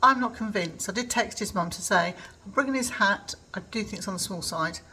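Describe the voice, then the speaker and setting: A woman's voice: medium pitch, a little fast, bright, forceful tone, husky, poor audio. An older woman from England chatting casually in a home vlog, rambling with lots of ums. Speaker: vlogger. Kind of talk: casual chat.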